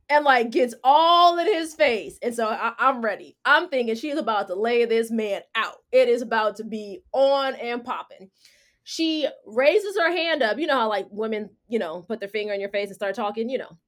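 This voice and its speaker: Woman host chatting, kinda high voice, slangy, acts out the quotes. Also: animated, a little slow. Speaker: podcast host. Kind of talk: casual storytelling chat.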